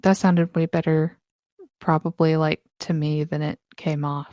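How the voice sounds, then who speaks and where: A woman co-hosts a podcast in an unhurried, laid-back way, teasing her partner and swearing now and then. Her voice sits in the middle range and is recorded close and dry. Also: sits low, flat delivery, mellow, no echo, dull audio. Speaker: podcast co-host. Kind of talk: casual chat.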